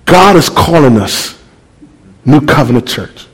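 A man preaching a sermon, telling a story with lively, animated delivery that climbs toward near-shouting. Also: a little high, measured pace, husky, low-quality recording. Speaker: pastor.

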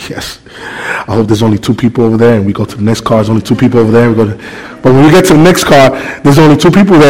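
A man preaching a sermon, telling a story with lively, animated delivery that climbs toward near-shouting. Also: on the high side, husky, rough recording. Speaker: pastor.

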